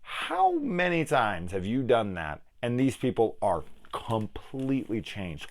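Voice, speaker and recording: A man's voice: mid-range voice, huge pitch swings, takes it slowly, few pauses. A man hosting a film review channel, angrily ranting through a profane spoiler discussion.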